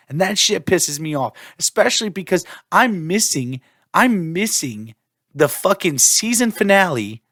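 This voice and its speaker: A man hosting a solo podcast and talking about his life in an animated, profane, rambling way, often restarting his sentences. He is a stand-up comic. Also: fairly high pitch, dry recording, studio quality. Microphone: podcast mic.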